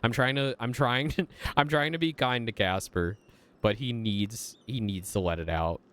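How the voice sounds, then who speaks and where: A man's voice: mid-range voice, moderate pace, a bit bright. A man streaming a story game, chatting to himself and reading the game's lines aloud. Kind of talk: casual gameplay commentary, reading dialogue aloud.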